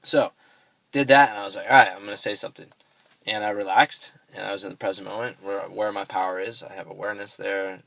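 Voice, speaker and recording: A man's voice: lowish voice, steady tone, quick pace, vocal fry, a bit bright, dry recording, rough recording. A young man vlogging, telling a personal story in a rambling, self-correcting way and swearing casually.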